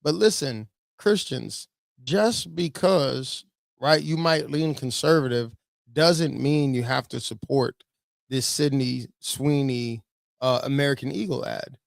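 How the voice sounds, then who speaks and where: A man's voice: medium pitch, slow, vocal fry, no room sound, clean studio sound. A man, a pastor, giving blunt, preachy commentary on videos.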